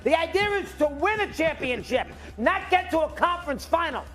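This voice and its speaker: An older man ranting loudly and indignantly, firing off rapid sports opinions in a TV studio. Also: very high-pitched, expressive. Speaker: sports debate guest. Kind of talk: sports debate rant.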